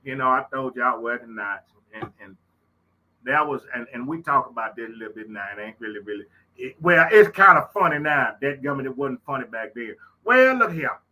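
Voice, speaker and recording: A middle-aged man with a Louisiana drawl hosts a homespun storytelling talk, folksy and emphatic, repeating lines for weight. His voice is bright and forward but husky and a little breathy. He rolls from quiet reflection into loud retelling. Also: mid-range voice, a little fast, low-quality recording. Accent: Southern US, Louisiana. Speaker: host. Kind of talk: casual storytelling monologue.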